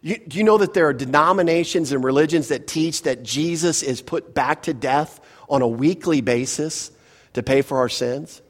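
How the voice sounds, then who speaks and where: A pastor preaching an expository sermon to his congregation, emphatic and full of rhetorical questions, often dropping to a softer voice. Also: on the high side, moderate pace. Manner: emphatic, rhetorical questions, drops to soft asides.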